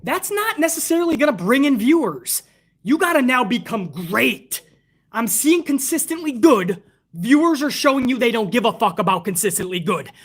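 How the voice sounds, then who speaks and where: A man's voice: very high voice, sing-song, normal speed, breathy edge. A man hosting a casual wrestling livestream from the United States, ranting in a profane, heated, rambling way and reading out donations. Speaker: wrestling podcast host.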